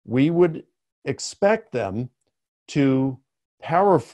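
A man delivers an academic webinar lecture at a very unhurried, measured pace. His voice sits at an ordinary middle pitch and lifts sharply on the words he wants to stress. The sound is close and dry, with no room around it. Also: animated, mellow, no echo. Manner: slow, deliberate explanation with emphatic rises on key words.

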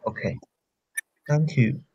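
A man with a Chinese accent teaching an online beginner Chinese class, repeating syllables slowly for drills over a video call. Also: warm tone, highs cut off. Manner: slow, repetitive drilling of syllables.

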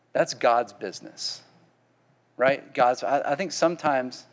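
Southern man preaching in an echoing hall. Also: mid-range voice. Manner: conversational, folksy, asks the congregation questions. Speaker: pastor. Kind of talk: sermon.

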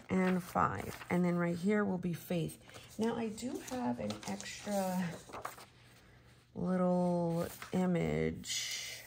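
A woman's voice: fairly low pitch, creaky, a little mellow, slight background noise, poor audio. A woman vlogger chatting casually at home while she works on a planner, rambling and laughing often. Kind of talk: casual chat while crafting.

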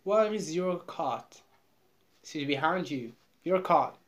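A Moroccan woman with a Moroccan accent, chatting over a video call in halting English that she repeats as she goes. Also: sits low, expressive, very noisy. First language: Moroccan Arabic. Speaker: vlogger. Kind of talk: casual video call chat.

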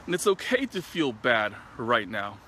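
Earnest male doctor, bright and slightly tense tone, reflective storyteller, faint street noise behind. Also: medium pitch, big pitch swings, unhurried. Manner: earnest, reflective, retells dialogue at length. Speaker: physician. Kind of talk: personal storytelling to camera.

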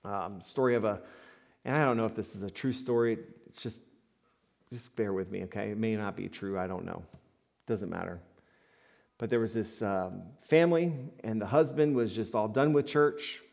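A male pastor preaching a sermon full of stories. His delivery is animated: he swings from soft asides to loud, emphatic peaks. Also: on the low side, normal speed, gravelly. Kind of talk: sermon with storytelling.

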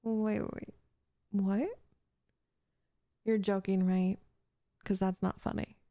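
A woman's voice: mid-range voice, level tone, slow pace, mellow, dry recording, studio quality, close to an everyday voice. A young woman voicing a possessive, jealous gamer girl in an audio role-play, talking in a bossy, defensive, flustered way. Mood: flustered, angry. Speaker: voice actress.

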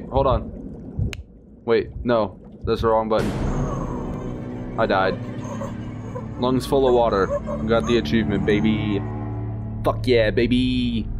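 A man giving gameplay commentary, swearing a lot and reacting in jumpy, excitable outbursts. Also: fairly low pitch. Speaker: gaming streamer. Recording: game music behind voice.

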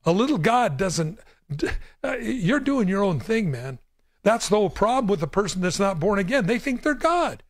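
A man's voice: high-pitched, big pitch swings, moderate pace, no room sound, studio quality. A man hosting a call-in Bible show as a pastor, speaking emphatically and repeating words to drive a point home. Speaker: pastor and radio show host. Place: radio studio.

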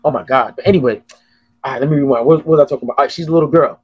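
A man hosting a podcast, telling stories in an animated, profane, casual way. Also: medium pitch, rapid-fire, slightly rough, dry recording, dull audio. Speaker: podcast host. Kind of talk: casual chat.

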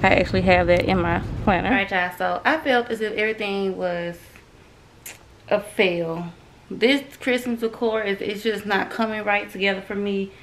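A woman's voice: mid-range voice, moderate pace, slight background noise, low-quality recording. A young woman, chatting casually in her vlog, often frustrated and over it. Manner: chatty, drawling Southern slang, frustrated sighs. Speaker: vlogger. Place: home and craft store.

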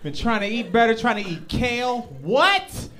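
A man's voice: very high-pitched, a little fast. A man in his thirties doing a profane, punchy stand-up set on a club stage. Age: 30s. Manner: animated, profane, punchy storytelling. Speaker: stand-up comedian. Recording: live club show with crowd laughter. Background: audience laughter.

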